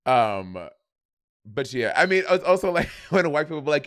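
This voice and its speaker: A man's voice: on the high side, very animated, normal speed, no room sound, clean studio sound. A man co-hosting a casual chat, sassy and chatty, often laughing. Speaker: co-host.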